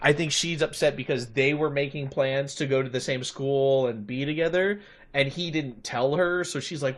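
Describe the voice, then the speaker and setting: A man's voice: mid-range voice, moderate pace. A young man streaming a game live, chatty, thanking viewers and talking through choices. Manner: chatty, reads and thanks chat. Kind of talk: live gameplay commentary.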